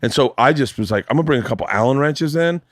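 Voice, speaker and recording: A man's voice: mid-range voice, fast, no room sound, studio quality. A man in his forties hosting a podcast, telling a story with plenty of swearing and acted-out quotes. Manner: animated storyteller, swears a lot, acts out quotes. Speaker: podcast host. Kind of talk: casual chat. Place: home studio.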